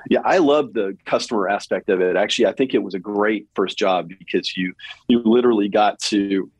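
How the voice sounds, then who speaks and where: Husky low-voiced man, Kentucky accent. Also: no room sound, rough recording. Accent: Southern US (Kentucky). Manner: halting, repeats words and restarts often. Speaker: guest, company president. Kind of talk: casual interview conversation.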